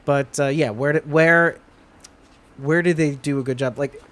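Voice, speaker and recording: A man's voice: on the high side, measured pace, background noise. Rambling man in casual live chat. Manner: rambling, self-interrupting, lively put-on quotes. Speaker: co-host.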